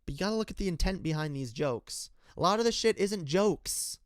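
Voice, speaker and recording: A young man with a higher-pitched voice that comes across smooth and resonant, recorded close and dry. He rants in an unscripted, heated way, swearing often and circling back through restarts as he argues with his viewers. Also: animated, brisk, no echo. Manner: heated, profane, rambling with restarts; argumentative, addresses viewers directly. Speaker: political commentator. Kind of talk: unscripted rant-style commentary.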